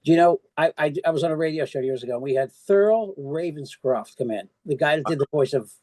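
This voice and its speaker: A man hosting a podcast interview, talking casually and stumbling through quick restarts. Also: a little high, darkish tone, no echo. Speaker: podcast host.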